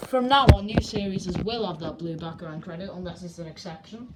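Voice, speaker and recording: A young woman chats cheekily to her camera in a living room, her voice sitting a touch low. She rambles with plenty of ums and asides. The home recording is noisy, with clicks behind her voice. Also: brisk. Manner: chatty, rambling, cheeky, many fillers. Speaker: channel host. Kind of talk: casual live commentary. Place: indoor living room by a window. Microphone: handheld camera.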